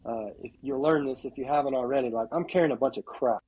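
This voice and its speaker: A man's voice: mid-range voice, fast, lo-fi sound, a crowd in the background. A middle-aged man, a podcast guest, telling a hunting story casually and animatedly, often saying "like" and acting out what people said. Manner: animated storyteller, acts out quotes, heavy use of "like".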